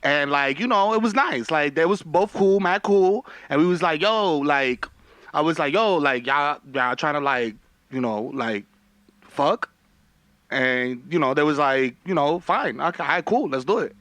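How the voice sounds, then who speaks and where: A man doing a boastful, messy young woman, pitched high and bright as she holds court on a livestream. The sound is dry and close, with no room around it. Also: measured pace, dry recording. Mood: bragging. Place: home.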